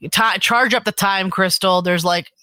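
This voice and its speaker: A man's voice: sits high, steady tone, measured pace, pushed and bright, clean tone, no echo. A man co-hosting a podcast in casual chat, joking and swearing casually. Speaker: podcast co-host.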